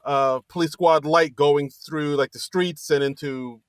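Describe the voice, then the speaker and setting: A man's voice: a little slow, clear, resonant tone, no echo. Man recapping a movie in a dry room. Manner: animated retelling, acts out lines in a high voice. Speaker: podcast co-host. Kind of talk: casual movie recap chat.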